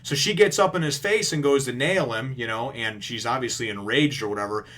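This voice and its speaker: Male vlogger, casual comic recap, profane, rambling, mid-pitched voice. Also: a little fast. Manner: rambling, profane, animated retelling.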